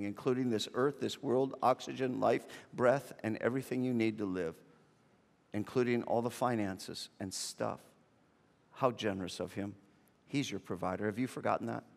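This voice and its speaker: A man preaching a sermon, animated and joking, often restarting with repeated words as he tells a family story. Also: mid-range voice, creaky. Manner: animated, repetitive starts, comic exaggeration. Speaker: pastor. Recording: long reverb of a large hall.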